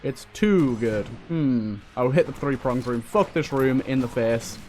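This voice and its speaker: A young man giving excitable running commentary while playing a video game, talking back to enemies on screen. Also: medium pitch, measured pace. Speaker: let's play host. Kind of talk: gameplay commentary. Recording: faint game music behind.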